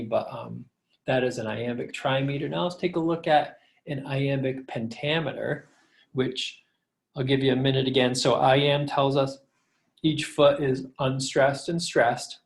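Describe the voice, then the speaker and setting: A middle-aged professor lectures over a slideshow in a relaxed, conversational way, using fillers. His mid-range voice carries some vocal fry, and he reads verse lines slowly to bring out the meter.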